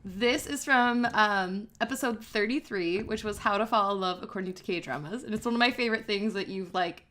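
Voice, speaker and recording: A young woman with a Wisconsin accent co-hosting a podcast in casual chat, animated and laughing often. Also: mid-range voice, moderate pace. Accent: Midwestern American, Wisconsin. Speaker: podcast co-host.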